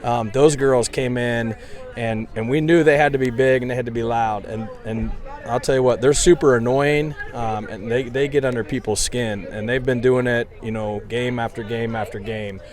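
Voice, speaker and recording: A man's voice: medium pitch, fairly even intonation, moderate pace, darkish tone. Chatty male coach after a win. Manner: chatty, frequent "um" and restarts, enthusiastic. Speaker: head coach. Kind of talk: postgame radio interview. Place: outdoors at a ballfield.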